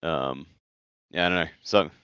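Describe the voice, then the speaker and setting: Deep-voiced blunt man, dull lo-fi mic. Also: unhurried, fairly bright tone, clean tone, no room sound. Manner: blunt and opinionated, swears casually. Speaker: podcast co-host. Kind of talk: casual chat.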